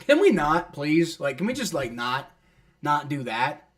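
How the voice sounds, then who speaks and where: Man, fan play-by-play, lively swinging pitch, slightly high voice, exasperated, swears a lot. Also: measured pace. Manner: exasperated, complaining at refs and players; swears casually, many fillers like "like". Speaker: fan streamer doing play-by-play. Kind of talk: live fan play-by-play reaction.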